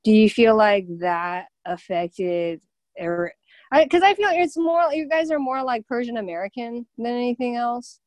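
A woman hosting a casual chat, blunt and quick to swear, filling her speech with "like". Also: fairly high pitch, expressive, darkish tone, no echo. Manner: blunt, swears freely, lots of "like".

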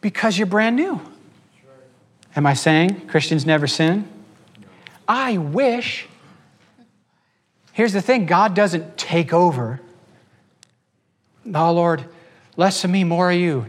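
High-voiced man preaching a sermon. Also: lively intonation. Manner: preaching with quick shifts between pace and pitch, acting out voices. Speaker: pastor.

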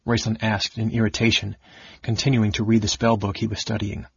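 Husky low-voiced man narrating an audiobook. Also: flat delivery, a little fast, dull audio.

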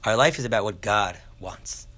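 A man telling a story in a casual Torah class, acting out the characters in a folksy, animated way. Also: lowish voice, moderate pace. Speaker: Torah teacher.

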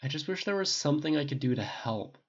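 A man's voice: a little high, expressive, fast, highs cut off, pitched above the performer's own voice. A man doing a polite, earnest male soldier. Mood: gentle. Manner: polite, earnest, old-fashioned.

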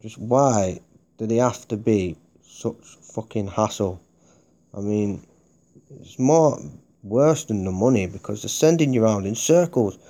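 A man hosting a podcast, ranting with constant swearing and circling back to the same complaints. His voice sits fairly low and sounds dark and mellow. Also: unhurried. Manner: heavy swearing, heated and repetitive. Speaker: podcast host. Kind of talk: angry ranting monologue.

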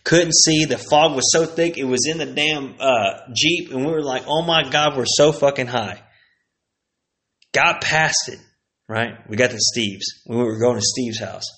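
A man's voice: medium pitch, normal speed, bright, forceful tone. Man in his forties, casual solo storytelling, slangy, swears a lot, rambling. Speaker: streamer.

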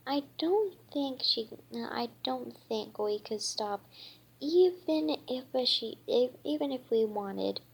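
A woman's voice: sits high, animated, slow, vocal fry, breathy edge, exaggerated voice. A woman voicing a practical young girl fairy at the sail ropes, reading with stops and restarts. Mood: urgent.

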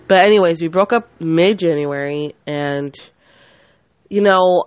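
A woman's voice: fairly low pitch, no echo. A woman in her twenties hosting a podcast, rambling and swearing as she vents angrily, often cutting herself off mid-sentence. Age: 20s. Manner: rambling, profane, angry, self-interrupting. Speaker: podcast host. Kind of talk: casual venting monologue.

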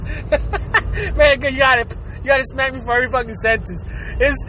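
A man from the United States hosting a podcast, delivering a profane, animated comedic rant and laughing often. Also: very high voice, moderate pace, a faint crowd, a little hiss or hum, rough recording. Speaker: podcast host.

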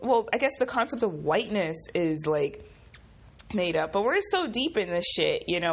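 A groggy young woman who just woke up, talking in a casual vlog with profane, animated, exasperated ranting. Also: mid-range voice, normal speed, slightly rough. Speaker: vlogger.

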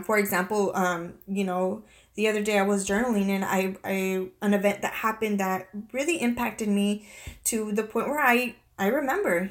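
A woman in her thirties speaks to her viewers in a confessional vlog. Her voice sits at an ordinary middle pitch. She talks in a halting way, close to tears, and often stops to restart her sentences. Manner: halting and tearful, many restarts and fillers. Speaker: vlogger.

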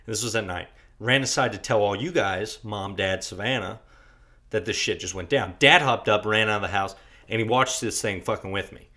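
A man's voice: fairly low pitch, fairly quick, pushed and bright. A young man from Virginia, co-hosting a podcast, telling a rambling story full of swearing and restarts. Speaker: podcast co-host. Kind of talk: casual storytelling chat.

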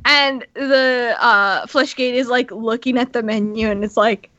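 Bright, slow-talking woman co-host, animated, dry sound. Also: a little high, no echo, lo-fi sound. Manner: animated storyteller, frequent "like". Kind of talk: casual chat.

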